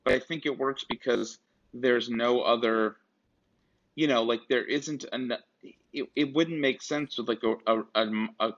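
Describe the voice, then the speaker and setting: A man's voice: medium pitch, steady tone, unhurried, fairly bright tone. Rambling man in casual chat. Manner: rambling, full of restarts and asides. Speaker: podcast co-host. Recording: dull lo-fi sound.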